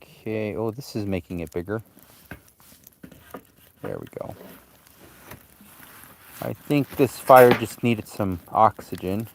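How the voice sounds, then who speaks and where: A man's voice: fairly low pitch, slow, creaky, pauses often, noisy background. A man vlogging outdoors by a campfire at a remote cabin, talking in an easygoing, chatty way to his dog and to viewers. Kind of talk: casual live-stream chat.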